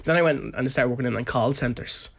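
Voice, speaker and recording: A young Irish man co-hosting a podcast, telling stories from his old jobs. He talks in a loose, chatty way and slips into quick impressions of the people involved. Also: medium pitch. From Ireland. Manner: animated, does voices of people in his stories. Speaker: podcast co-host. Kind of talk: casual storytelling chat.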